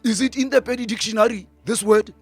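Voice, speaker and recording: A man's voice: very high-pitched, fairly even intonation, breathy edge, faint music behind, heavily acted. An actor playing a boastful, crude older male politician with a voice, in a satirical puppet sketch. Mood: confused. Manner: pompous, drawn-out, chuckling.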